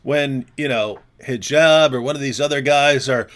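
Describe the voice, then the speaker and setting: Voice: mid-range voice, normal speed. An interview host asking rambling, hesitant questions and giving scornful commentary.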